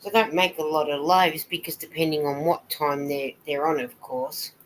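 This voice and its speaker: Woman with a deep-set voice for a casual live stream; chatty, rambling, greets viewers by name while she knits. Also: steady tone, normal speed, a little hiss or hum, rough recording. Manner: chatty and rambling, greeting viewers and reading their comments aloud. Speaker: knitting vlogger hosting a live stream.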